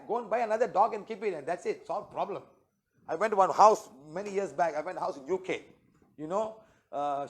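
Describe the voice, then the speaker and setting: A man with a fairly high voice teaches a healing workshop to an audience. He lectures in short spoken phrases and keeps checking in with "okay?" and "huh?". He retells his clients' words as quick quoted exchanges.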